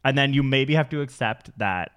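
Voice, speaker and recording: Bright-sounding guy hosting a podcast, rambly and giggly, full of likes. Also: medium pitch, normal speed, smooth. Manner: rambling, lots of fillers and laughter. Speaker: podcast host. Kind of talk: casual chat.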